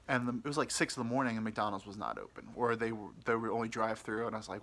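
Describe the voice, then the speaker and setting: A man's voice: medium pitch, quick pace, pushed and bright. A man hosting a podcast, telling a crude personal story in a rambling, frank way full of fillers. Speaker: podcast host. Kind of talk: casual storytelling.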